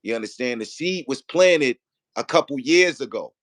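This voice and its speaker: A man's voice: medium pitch, animated, moderate pace, a bit bright, dry recording, clean studio sound. A man in casual debate, rambling with restarts and often asking if he's understood. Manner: rambling, repeats "you feel what I'm saying".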